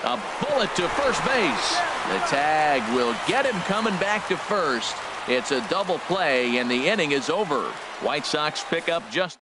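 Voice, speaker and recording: A man doing play-by-play commentary for a baseball game, with a brisk, measured call that rises on big plays. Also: on the high side, animated. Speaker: play-by-play announcer. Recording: broadcast over loud crowd and stadium noise.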